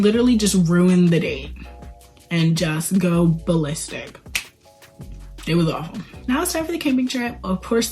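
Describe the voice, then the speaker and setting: A woman giving a casual movie commentary, retelling scenes in an animated, sarcastic way and swearing now and then. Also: mid-range voice. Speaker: movie reviewer, channel host.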